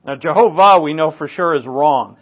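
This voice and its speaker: A man's voice: a little high, normal speed. A man from New England preaching a Bible teaching sermon in a conversational, wry way, with asides and dry jokes. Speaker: pastor. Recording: tinny phone-like recording.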